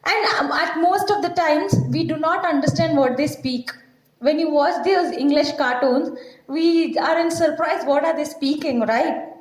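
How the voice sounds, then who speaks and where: A woman's voice: high voice, unhurried. A woman English teacher with an Indian accent who reads out a textbook passage and then explains it in simple words, checking in with her class as she goes. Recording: echoey room.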